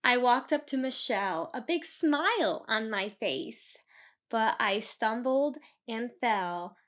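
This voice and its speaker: A woman's voice: a little high, lively intonation, slow, a bit bright. A woman reading a children's book aloud, stopping for chatty asides to explain the story to kids. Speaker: storybook reader.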